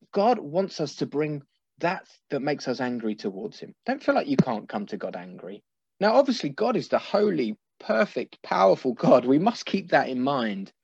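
A man in his thirties delivers a sermon as a pastor, earnest and pastoral, slowing down for emphasis. His voice is fairly high and husky, and it rises and falls in animated swings. The recording is dry and a little dull. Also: dry recording.

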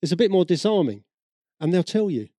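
A British man preaching a sermon in a chatty storytelling way, slipping into the voices of people he has met. His voice sits slightly high for a man yet sounds mellow and warm. The recording is close and dry. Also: very animated, a little fast, no room sound. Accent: British English. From Britain. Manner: conversational storytelling, acts out quoted voices. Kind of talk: sermon with personal stories.

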